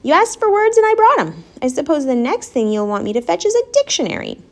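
Templeton: a sarcastic, put-upon barn rat who grumbles and complains, voiced by a woman reading a storybook. The voice sits high and swings widely in pitch as the complaints pile up. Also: big pitch swings, moderate pace, a little mellow. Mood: grumbling.

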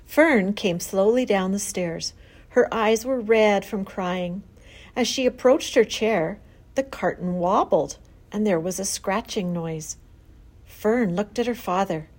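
A woman narrating a children's storybook aloud in an expressive reading style. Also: medium pitch.

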